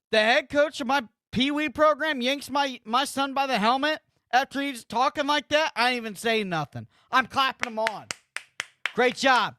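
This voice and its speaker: High-pitched ranting man streaming commentary. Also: sharp tone, dry recording, studio quality. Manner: ranting, repetitive and profane. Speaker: sports streamer host. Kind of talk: live watch-party commentary.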